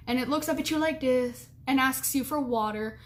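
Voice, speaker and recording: A woman's voice: high voice, moderate pace. A young adult woman giving casual advice to camera, chatty and rambling with lots of fillers and giggles.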